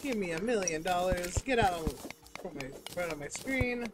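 High, excitable young man streaming a game. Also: normal speed, noisy background. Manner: goofy, excitable, yelps and laughs often. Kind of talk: casual gaming stream commentary. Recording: game music underneath.

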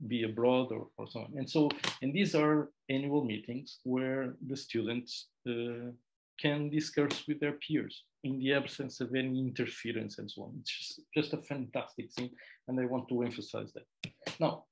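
A middle-aged man with a gravelly, creaky voice gives a relaxed talk to university students. He wanders into side remarks and jokes at his own expense. Faint noise sits under the recording. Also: mid-range voice, normal speed, rough recording. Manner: conversational, digressive, self-deprecating asides. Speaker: PhD programme director. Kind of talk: informal presentation to students.

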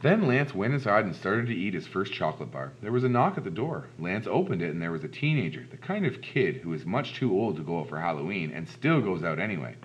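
A man reading a children's storybook aloud in an expressive, animated way. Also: sits low, quick pace, hardly any pauses, a little hiss or hum. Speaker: storybook reader. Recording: dull lo-fi recording.

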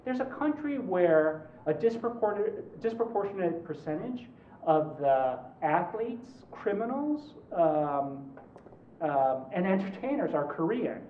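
A man in his forties, a law professor giving a conversational lecture, animated and joking, with quick asides. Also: high voice, slight background noise. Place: large lecture hall. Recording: roomy, distant, dull hall recording.

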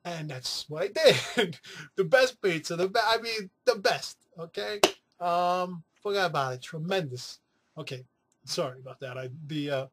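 Husky, high-voiced New man chatting. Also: moderate pace, fairly bright tone. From New York City. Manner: chatty, rambling, profane, with playful asides. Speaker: weight-loss vlogger. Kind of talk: casual chat to camera.

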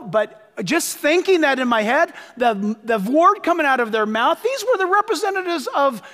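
A man delivering a sermon in a voice pitched very high for a man, swinging widely up and down. He presses his points hard, repeating lines for stress and urging listeners to take notes. A long hall reverb trails every phrase. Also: sharp tone. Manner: emphatic, urges listeners to write things down. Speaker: pastor.

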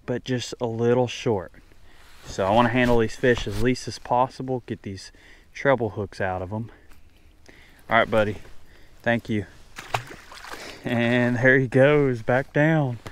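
A man narrating a casual fishing vlog from a small boat on a creek, talking excitedly to the fish and his viewers. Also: medium pitch, a little hiss or hum. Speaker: fishing vlogger. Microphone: chest-mounted action camera.

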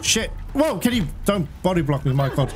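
A young man commenting on his gameplay, excitable and panicky, swearing often. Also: sits high, normal speed, heavy background noise. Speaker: gaming channel host. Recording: game music loud behind the voice.

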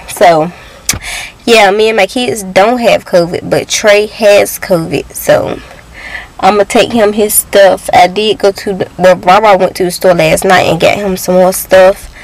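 A woman's voice: medium pitch, fairly even intonation, a little slow, slight background noise, rough recording. A young woman talking to her viewers in a casual vlog, emotional and close to tears, often calling them y'all. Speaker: vlogger.

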